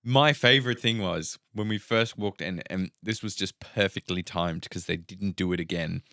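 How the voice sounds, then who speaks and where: A young Australian man co-hosting a podcast, telling travel stories in a relaxed, casual way with plenty of swearing. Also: low-pitched, normal speed, dry recording, studio quality. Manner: laid-back storytelling with swearing. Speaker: podcast co-host.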